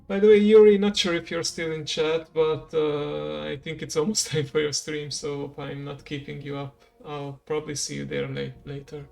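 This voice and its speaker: A game streamer giving relaxed, rambling commentary while playing and chatting with viewers. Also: mid-range voice, moderate pace, creaky, hardly any pauses, faint music behind. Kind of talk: casual gameplay commentary.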